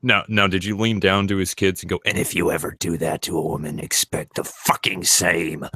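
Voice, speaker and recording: A man's voice: deep voice, flat delivery, normal speed, bright, forceful tone, breathy edge, no room sound. A man on a casual stream chat, making menacing jokey asides in a growl. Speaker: stream co-host.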